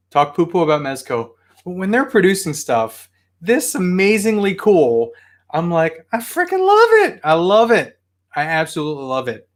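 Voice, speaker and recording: Chatty excitable man showing toys. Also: fairly high pitch. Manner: chatty, excitable, yells at his barking dog. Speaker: toy collector vlogger. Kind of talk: casual toy haul show-and-tell.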